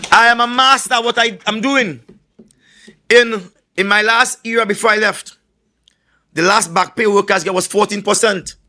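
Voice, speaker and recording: A man with a Trinidad and Tobago accent giving a political rally speech, telling boastful stories in a forceful way and often stumbling over his words before starting again. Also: high-pitched, normal speed. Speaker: political candidate.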